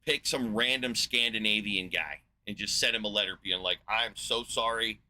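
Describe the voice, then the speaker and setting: A man's voice: lowish voice, normal speed, bright, forceful tone. A man in his forties from the United States, ranting in a sarcastic, profane monologue as a podcast host. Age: 40s.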